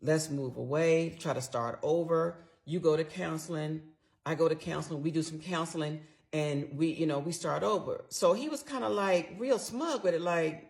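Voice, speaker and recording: A woman's voice: deep voice, normal speed, vocal fry, a little mellow. A middle-aged woman telling a personal story in a casual storytime monologue, candid and emphatic with salty slang, talking straight to her listeners. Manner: addresses listeners directly.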